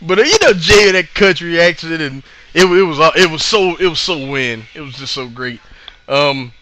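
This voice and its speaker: Guy rambling all hyped about a show he went to, kinda high bright voice. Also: normal speed, a little hiss or hum. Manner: rambling, excitable, lots of fillers and restarts. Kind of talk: casual recap of live events.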